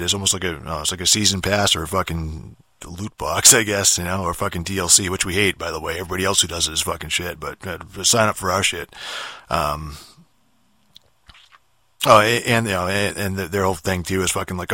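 A man's voice: low voice, steady tone, brisk, bright, forceful tone, dry recording. A man ranting in a casual monologue, swearing constantly and restarting sentences as he rambles. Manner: profane, rambling, many restarts and fillers. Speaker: podcaster.

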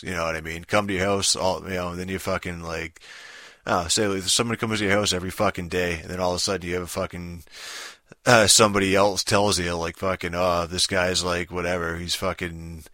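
A man's voice: deep voice, fairly even intonation, fast talker, pushed and bright, no room sound. A man ranting casually about a video game, swearing constantly and rambling with lots of fillers and "dude". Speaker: gaming vlogger. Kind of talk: profane casual rant.

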